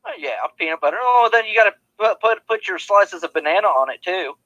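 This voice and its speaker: A man's voice: high voice, expressive, brisk, sharp tone, no echo, highs cut off. A man co-hosting a podcast in casual chat, teasing and emphatic. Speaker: podcast co-host.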